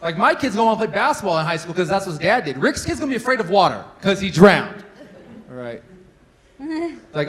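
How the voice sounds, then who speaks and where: A man's voice: high voice, big pitch swings, fast talker, fairly bright tone, poor audio. A man in his thirties doing a stand-up comedy set, chatty and self-deprecating, with lots of fillers. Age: 30s. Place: large hall with a live audience. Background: audience laughter.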